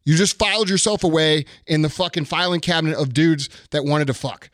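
A man's voice: fairly high pitch, a little fast, fairly bright tone, dry recording, clean studio sound. A man giving blunt dating advice in casual podcast chat, profane and emphatic.

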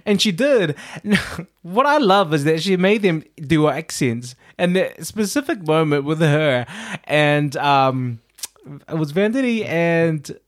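Animated higher-voiced man from New Zealand. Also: takes it slowly. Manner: animated, laughing, acting out quotes in a higher voice. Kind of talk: casual chat, storytelling.

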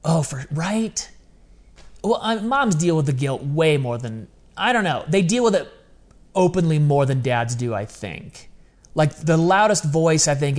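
A man in his forties co-hosting a podcast, talking candidly and earnestly in quick bursts. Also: mid-range voice. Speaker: podcast co-host. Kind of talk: candid conversational podcast talk.

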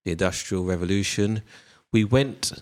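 Male host, lowish voice, loose sweary banter with lots of ums. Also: moderate pace. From Britain. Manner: rambling, sweary, many ums. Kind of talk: casual chat.

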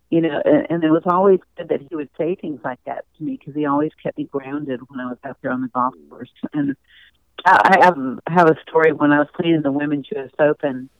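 A former golf champion, a woman, recounts her past as an interview guest, chatty and warm and quick to laugh. Her voice sits low and stays smooth and clear despite the thin, phone-like line. The sound is dry and close, with no room sound at all.

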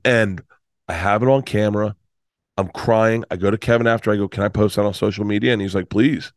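A man's voice: fairly low pitch, fairly even intonation, brisk, dry recording. Middle-aged guy rambling thru a story, gets emotional, swears a lot, dry close mic. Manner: emotional, profane, rambling with restarts. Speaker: comedian guest. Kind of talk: casual storytelling.

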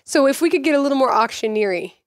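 A woman's voice: high voice, expressive, rapid-fire. A woman co-hosting a casual podcast, chiming in with playful, teasing remarks. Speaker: podcast co-host.

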